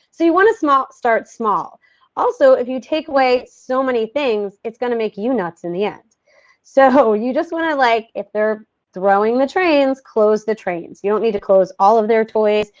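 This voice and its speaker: A woman giving a casual parenting lesson, animated and laughing often, acting out children's replies in low grumbles. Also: dull audio. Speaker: parenting educator. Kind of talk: casual teaching talk.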